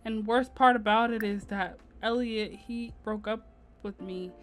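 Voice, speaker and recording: A woman's voice: a little high, steady tone, a little slow, faint music behind, close to an everyday voice. A woman voicing a distressed pregnant teenage girl in a life-sim game, rambling anxiously and filling her sentences with "like". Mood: upset.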